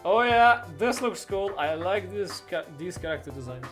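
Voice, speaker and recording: A gamer with a noticeable foreign accent and a hard R rambles and mocks himself while playing, reading the game's text aloud in a casual let's-play. His high voice swings widely in pitch at a moderate pace, a bit bright, with soft music behind him.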